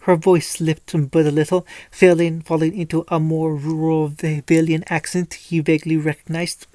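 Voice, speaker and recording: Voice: mid-range voice, flat delivery, moderate pace, dark tone, no room sound. A narrator reading a fan-fiction story aloud, with frequent stumbles and restarts. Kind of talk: storytelling reading with light character voices.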